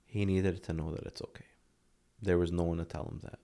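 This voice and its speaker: Deep gravelly earnest man in his thirties. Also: flat delivery, brisk, dark tone. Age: 30s. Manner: earnest, heartfelt, drops to a near whisper at tender moments. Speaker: podcast guest. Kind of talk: emotional interview talk.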